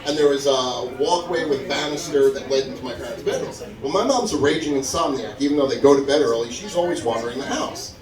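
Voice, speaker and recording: Animated man doing stand-up in an echoey club. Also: fast, hardly any pauses. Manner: animated, acts out quotes with big pitch jumps. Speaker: stand-up comedian. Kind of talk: stand-up storytelling. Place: comedy club open mic. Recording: echoey room, mic from far, crowd audible. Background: audience laughing.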